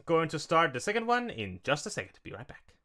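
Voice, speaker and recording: A man's voice: a little high, wildly swooping pitch, brisk, bright, forceful tone. A man giving casual blind reaction commentary on an audio drama as a video plays. He rambles, restarts his sentences and laughs often. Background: music from the video.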